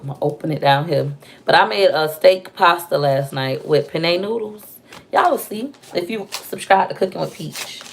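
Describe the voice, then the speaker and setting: A woman's voice: fairly low pitch, animated, normal speed, gravelly, slight background noise. A young woman chatting casually to viewers as she opens fan mail at home, filmed on a propped-up phone. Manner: chatty, playful, talks to viewers while unboxing. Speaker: vlogger opening fan mail. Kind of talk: casual chat. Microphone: phone propped on a stand.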